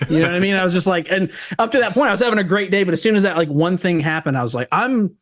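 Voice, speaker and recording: Podcast guest, male, slightly high voice, rambling and profane, voice jumps for quotes. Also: animated. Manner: rambling storyteller, profane, quick voice jumps when quoting himself. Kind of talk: casual chat.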